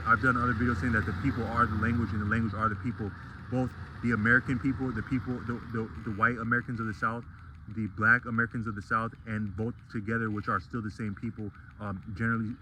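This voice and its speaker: Over a noisy background, a man with a fairly low voice talks through a casual vlog monologue. He rambles and digresses, with many restarts and fillers.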